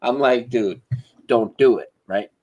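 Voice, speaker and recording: A man's voice: medium pitch, unhurried, dull audio. A man telling a story over a video call. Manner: animated, imitates sounds, swears freely. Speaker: interview guest. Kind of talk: casual storytelling.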